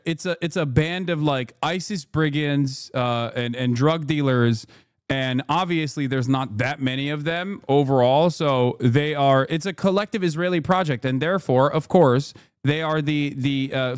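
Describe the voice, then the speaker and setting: A man in his thirties casually commenting on a live stream, talking loosely with restarts and reading headlines aloud quickly. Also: medium pitch, smooth, no room sound, clean studio sound. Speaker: streamer reacting to news.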